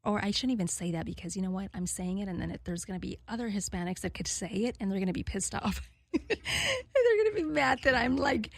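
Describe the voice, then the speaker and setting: A woman in her forties talks straight to her listeners at a middle pitch. She rambles candidly, fills gaps with "like" and "you know", and laughs easily. The sound is close and dry, with no room around it. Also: fairly even intonation, fast, creaky, a little mellow, dry recording. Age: 40s. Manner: rambling and candid, laughing often, frequent fillers. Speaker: radio show host. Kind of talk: casual chat to listeners.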